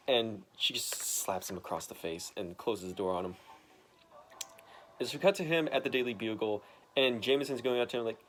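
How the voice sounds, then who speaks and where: Casual young man retelling a comic. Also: mid-range voice. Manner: rambling, filler-heavy retelling with quick quoted voices. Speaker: comic book explainer.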